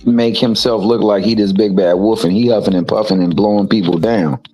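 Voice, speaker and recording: Low-voiced man in emphatic boxing talk. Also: fairly even intonation, fairly quick, dark tone, soft background music, low-quality recording. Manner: emphatic, repeats words. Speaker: co-host. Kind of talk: casual boxing chat.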